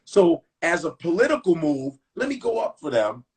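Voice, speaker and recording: A man's voice: a little high, big pitch swings, normal speed. A middle-aged man from Chicago, a comedian, telling a profane story in casual chat and acting out the quotes. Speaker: comedian guest.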